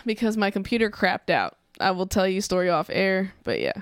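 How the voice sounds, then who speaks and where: A woman co-hosting a podcast, telling an animated story with frequent laughs and acted-out voices. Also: fairly quick, clean tone, no room sound, studio quality. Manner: animated storyteller, laughs often, acts out others in a high voice. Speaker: podcast co-host. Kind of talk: casual chat.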